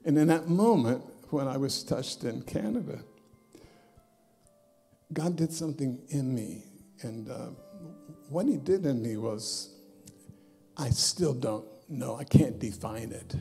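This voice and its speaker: A man preaching a sermon in a church as a bishop, telling a personal story and swinging from loud bursts down to soft, hushed asides. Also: mid-range voice, animated, slow pace, long pauses, soft background music. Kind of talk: sermon testimony. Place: church sanctuary.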